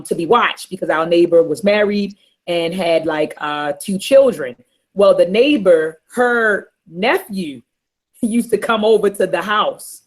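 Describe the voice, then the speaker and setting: A middle-aged woman on a talk panel, telling a personal story in a candid, earnest and softly emotional way. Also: fairly low pitch. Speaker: panel host.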